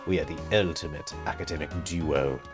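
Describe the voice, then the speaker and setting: A man's voice: very deep voice, a little fast, soft background music. A man reading as a smug cat girl student with an English accent. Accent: put-on English. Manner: read aloud from game text.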